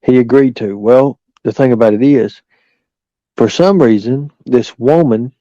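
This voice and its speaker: A man spins a crude, rambling yarn in a mellow, low-key voice. He stumbles and restarts often and swears freely. The recording is dry and a little dull. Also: unhurried, no echo. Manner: rambling, profane, frequent restarts and fillers. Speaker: storyteller. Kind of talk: casual storytelling.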